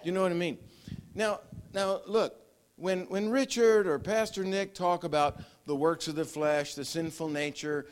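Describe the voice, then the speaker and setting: A man's voice: high-pitched, fairly even intonation, a little slow, clean tone. An older man preaching a conversational sermon, often repeating words and chuckling as he talks. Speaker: pastor.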